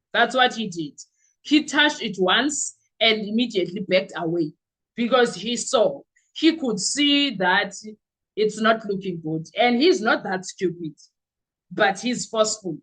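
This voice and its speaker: A woman with a South African accent hosting a podcast, giving animated, sarcastic commentary full of rhetorical questions. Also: mid-range voice, low-quality recording. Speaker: podcast host. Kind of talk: opinionated commentary.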